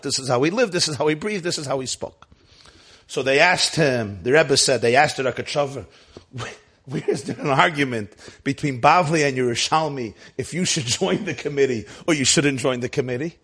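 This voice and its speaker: A man with a high voice gives a Torah lecture as a rabbi. He tells the story and walks through the texts step by step, dropping in Yiddish and Hebrew words and translating them as he goes. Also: fairly bright tone, slightly rough. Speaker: rabbi teaching a class.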